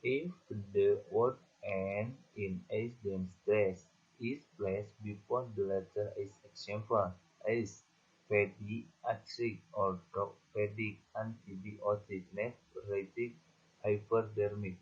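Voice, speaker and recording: A man with an Indonesian accent reading lists of example words from a class presentation in a flat monotone. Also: on the low side, slow, breathy edge. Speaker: student presenter. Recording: dull lo-fi recording.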